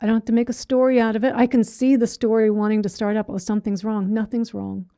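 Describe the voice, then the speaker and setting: A woman's voice: a little high, flat delivery, fast, warm tone, no room sound, studio quality. A middle-aged woman teaching meditation in a conversational way, often acting out inner thoughts in quotes and checking in with "right?". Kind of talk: dharma talk.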